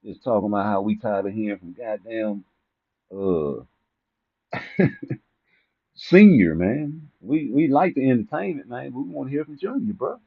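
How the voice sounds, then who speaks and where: A man's voice: medium pitch, expressive, normal speed, vocal fry, long pauses, husky, no echo. A man ranting casually to camera about boxing personalities, rambling and profane, teasing people and laughing at his own jokes. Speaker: boxing commentary vlogger. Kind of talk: casual comedic rant to camera. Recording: tinny phone-like dry sound.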